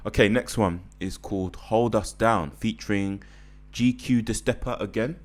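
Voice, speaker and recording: A man's voice: fairly low pitch, normal speed. A man hosting a casual album reaction, laid-back and thinking aloud with frequent laughs. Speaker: music reaction host.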